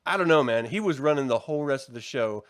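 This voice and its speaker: A man co-hosting a casual review podcast, talking in an animated, profane way and acting out characters' lines. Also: mid-range voice, fast talker. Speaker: podcast co-host.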